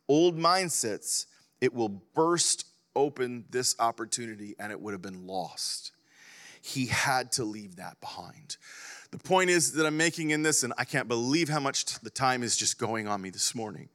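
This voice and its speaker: A man preaching a sermon as a pastor, impassioned, rising to loud emphasis and dropping to hushed near-whispers. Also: fairly high pitch. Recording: reverberant hall.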